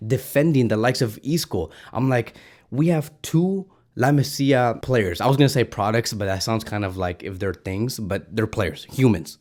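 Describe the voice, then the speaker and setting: A man hosting his own fan channel talks straight to his viewers after a match. His voice sits in an ordinary middle pitch, and his delivery is passionate and ranting, with words repeated as he gets worked up. It sounds like he is speaking from indoors at home. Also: a little mellow. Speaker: football fan channel host. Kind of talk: excited post-match reaction monologue.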